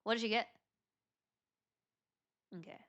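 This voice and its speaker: Reading game dialogue aloud for a let's-play, this woman voices every character on her own, chatting casually between lines. She keeps a measured pace and a fairly bright tone while game music plays in the background.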